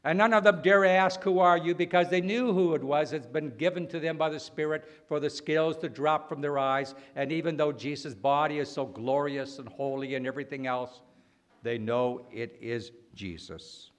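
Male preacher, mid-range voice, lively sermon delivery with rhetorical questions. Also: mid-range voice. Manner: animated, rhetorical questions, dramatic pauses.

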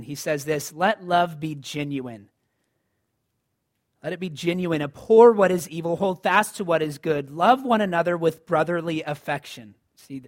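A man preaching a sermon in a conversational style, rising to emphatic lines. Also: on the high side. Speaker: pastor.

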